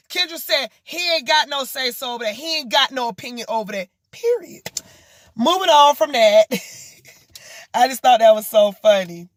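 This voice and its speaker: A woman vlogger recapping a reality show in blunt, profane, animated gossip commentary. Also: sits high, no room sound, studio quality. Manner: animated, mocking and exasperated.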